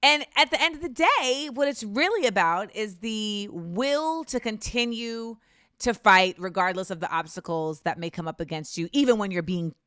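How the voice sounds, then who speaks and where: Podcast guest, woman, bright and crisp, emphatic talker, dry close mic. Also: medium pitch, moderate pace, no room sound. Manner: animated, emphatic storytelling. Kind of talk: casual chat.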